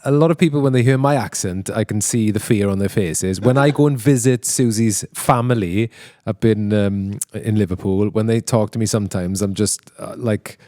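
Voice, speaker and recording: A man's voice: on the low side, moderate pace, few pauses, a little mellow, no room sound, studio quality. A man hosting a podcast, chatting casually into a handheld mic, jokey and laughing often, with many restarts. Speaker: podcast host and band member. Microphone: handheld microphone.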